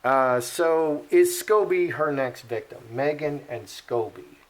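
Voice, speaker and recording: A man's voice: a little high, slow pace. A man giving casual card-reading commentary, rambling with frequent fillers and restarts. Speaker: card reader.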